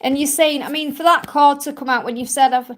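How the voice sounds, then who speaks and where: High-voiced woman with Stoke accent. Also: steady tone, a little fast. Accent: Stoke-on-Trent English. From England. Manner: chatty, reassuring, many "you know" fillers. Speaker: spiritual reader. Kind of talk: live stream Q&A.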